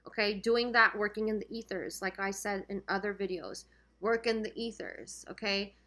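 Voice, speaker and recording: A woman's voice: mid-range voice, moderate pace, bright, forceful tone. A woman giving a casual spiritual tarot reading to her viewers, talking chattily and checking in often, her voice getting worn. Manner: chatty, keeps checking in with "okay?". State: losing her voice. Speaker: tarot reader.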